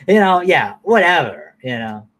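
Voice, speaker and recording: A man ranting casually to camera in a blunt, profane, rambling way, now and then mocking people in a high falsetto. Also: sing-song, slow, fairly bright tone, a little hiss or hum. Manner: mocks others in high falsetto. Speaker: vlogger.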